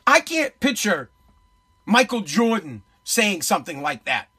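A man's voice: high-pitched, sing-song, unhurried, pushed and bright, breathy edge. A man, ranting as a sports radio host in profane, emphatic, repetitive bursts. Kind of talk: heated sports commentary rant.

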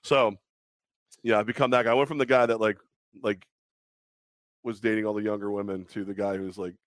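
A man in his forties co-hosting a sports talk show, telling stories casually and mimicking others in high squeaky voices. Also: fairly quick, no room sound, studio quality. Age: 40s. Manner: animated storytelling, acts out high-pitched quoted voices. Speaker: radio show co-host.

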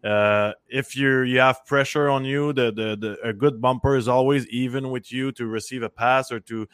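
A man of middle pitch talks casually and earnestly as a guest on a sports podcast, stopping and restarting his thoughts. His voice is close and dry. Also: fairly even intonation, moderate pace, a bit bright, clean tone, no echo. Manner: friendly, earnest, restarts often. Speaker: guest, former hockey player.

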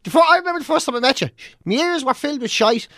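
Sweary Irish man with a lively voice. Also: very high-pitched, racing, no room sound, clean studio sound. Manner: sweary, banter-heavy, expressive. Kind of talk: casual chat.

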